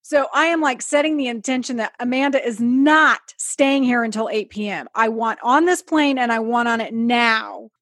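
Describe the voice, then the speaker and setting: Podcast host, woman with drawl, lively and swearing, higher pitch, dry close mic. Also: normal speed, hardly any pauses, dry recording. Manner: animated storyteller, acts out quotes, swears, laughs often. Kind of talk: casual chat.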